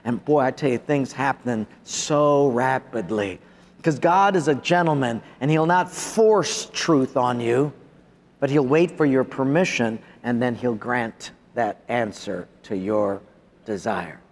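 A man preaching a sermon with animated delivery, dropping into a softer voice to act out prayers to God. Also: mid-range voice, a little slow. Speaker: pastor. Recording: long reverb of a large hall.

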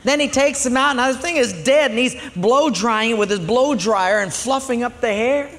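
High-pitched pastor preaching in a hall. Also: male voice, moderate pace. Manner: animated storyteller, acts out voices and shouts. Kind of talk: sermon.

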